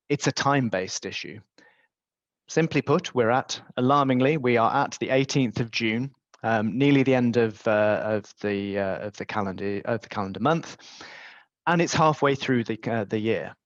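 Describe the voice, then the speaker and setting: A man giving a business webinar, speaking conversationally and filling pauses with ums and uhs. His voice sits in a middle range and comes through a slightly dull computer microphone in a dry space with no echo. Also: mid-range voice. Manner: conversational with frequent fillers. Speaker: webinar presenter.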